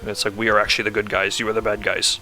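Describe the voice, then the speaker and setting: A man with a bright, forward voice, talking through a game's story off the cuff. He rambles, leans on "like" constantly and corrects himself as he goes. Soft music plays faintly underneath. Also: lowish voice, flat delivery, racing. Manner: rambling, full of "like" fillers, self-correcting. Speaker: video game reviewer. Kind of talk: casual rambling plot recap.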